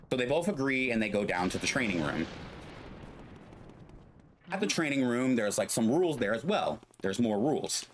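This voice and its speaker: While streaming a game, a man tells a long, casual story full of "like" and other fillers, rambling as he acts out the characters' voices. His voice is mid-range, with a little hiss or hum on the recording.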